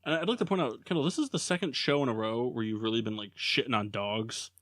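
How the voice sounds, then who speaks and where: A man hosts a casual podcast and rambles through jokes with lots of fillers. His voice sits in a middle pitch. The sound is dry and close. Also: fast, a bit bright, no echo. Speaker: podcast host. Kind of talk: casual chat.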